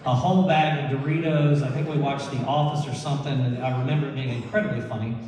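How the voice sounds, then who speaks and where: A man telling a lively personal story to an audience, laughing and acting out the people he quotes. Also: on the high side. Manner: animated, laughing storyteller who acts out quotes. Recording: echoey hall, mic far off.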